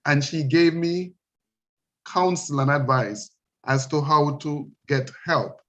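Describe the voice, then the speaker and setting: A man's voice: fairly high pitch, slow pace, fairly bright tone, dull audio. A man in his sixties with a Jamaican accent, hosting an interview in an encouraging, preacherly way. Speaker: host. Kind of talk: interview talk.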